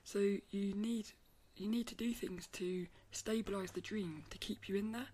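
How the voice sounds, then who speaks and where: Soft-spoken rambling woman vlogger. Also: medium pitch, steady tone, moderate pace, slight background noise. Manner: rambling, repeats and restarts phrases. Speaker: artist vlogger. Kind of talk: casual talk to camera.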